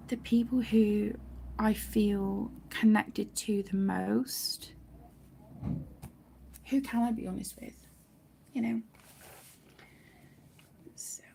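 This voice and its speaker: A woman hosting a colouring live stream, speaking softly and haltingly, often close to a whisper, emotional and near tears. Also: fairly high pitch, vocal fry, slight background noise. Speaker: colouring channel host. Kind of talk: casual live-stream chat while colouring.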